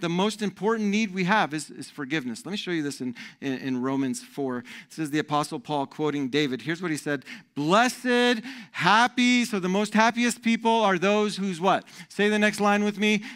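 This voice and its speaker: A man preaching a sermon as pastor, animated and conversational, often repeating words as he goes. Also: high-pitched.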